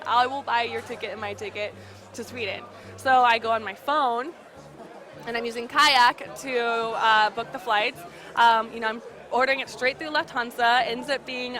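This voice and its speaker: A young woman with a high, bright voice recounts her travel mishaps, exasperated and animated, fillers tumbling out. She's filming at a busy convention, loud crowd chatter all around her. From United States. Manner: exasperated, animated retelling with frequent fillers and laughs. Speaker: vlogger. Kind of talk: casual storytelling to camera. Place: busy gaming convention hall.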